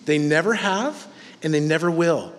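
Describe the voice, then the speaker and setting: A man's voice: fairly high pitch, normal speed, a bit bright, big-room sound. A man in his thirties preaching in a humorous, self-mocking, conversational way. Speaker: pastor. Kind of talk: sermon.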